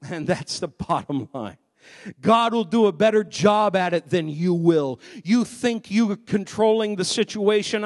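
A male preacher delivering a sermon, emphatic, swinging between loud shouted passages and quiet, low asides.

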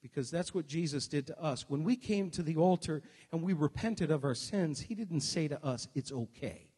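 Man preaching a sermon, high voice, long echo of a big church hall, hushed lines then shouted calls. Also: normal speed, husky. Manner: swings from quiet musing to shouted exhortation.

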